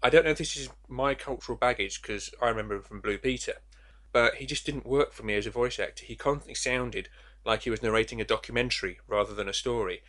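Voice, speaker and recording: A man's voice: mid-range voice, quick pace, a bit bright. A man reviewing an audio drama in casual chat, candid, with stammering restarts. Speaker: forum moderator, reviewer.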